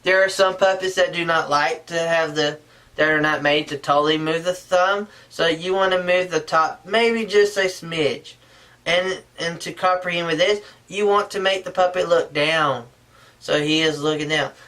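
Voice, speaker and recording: A man's voice: a little high, steady tone, normal speed, pushed and bright, distant mic. A man giving a casual how-to tutorial, talking in an earnest, rambling way and often restarting his sentences. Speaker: puppetry instructor.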